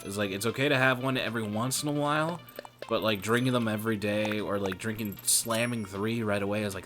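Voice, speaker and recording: A man talks casually on a stream, rambling from one point to the next. He curses freely and keeps calling the listener brother, in a voice that sits a little low. Music plays clearly behind him. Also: steady tone, brisk, fairly bright tone.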